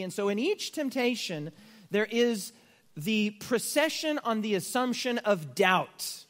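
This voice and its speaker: A man's voice: high-pitched, very animated, slow pace, fairly bright tone. A man preaching a sermon as pastor, building emphasis on key words and slipping in dry humorous asides. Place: church. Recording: long reverb of a church hall.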